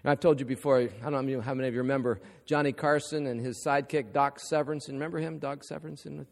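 A man's voice: mid-range voice, fairly even intonation, quick pace, creaky. A middle-aged man preaching a sermon as pastor, emphatic and driving to calls for agreement. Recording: echoey hall.

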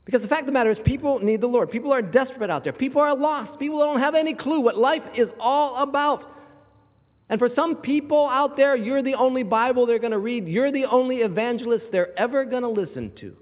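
Male pastor, very high voice, animated storyteller, live sermon in an echoing hall. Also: brisk. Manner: animated storytelling, acts out voices in his anecdotes.

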